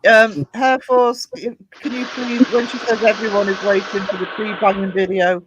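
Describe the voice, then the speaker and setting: High-voiced British man chatting. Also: level tone, normal speed, lo-fi sound, noisy background. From United Kingdom. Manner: chatty, reads out viewer comments, self-correcting restarts. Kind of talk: casual livestream chat. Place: home at night.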